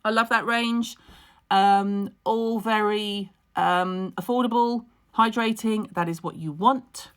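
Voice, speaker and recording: A woman giving brisk, frank skincare advice in a casual livestream Q&A, chatty and full of ums. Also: medium pitch, fairly even intonation, fairly bright tone, clear, resonant tone. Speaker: skincare expert answering viewer questions. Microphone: phone on a livestream.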